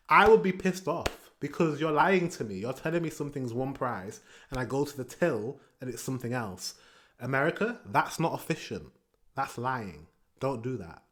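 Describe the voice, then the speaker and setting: British man ranting on a reaction video. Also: medium pitch. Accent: British English. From England. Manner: animated, ranting, pauses to comment. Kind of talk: casual reaction commentary.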